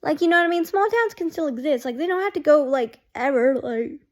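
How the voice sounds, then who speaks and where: Rambling chatty woman, fairly high voice. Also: expressive, a little fast. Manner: rambling, heavy use of "like", chatty. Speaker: fan vlogger. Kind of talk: casual chat.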